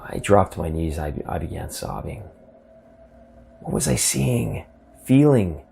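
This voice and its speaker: A man telling a first-person ghost story in a halting, earnest way, often repeating words as he gets emotional. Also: sits low, very animated, gravelly, mellow, soft background music.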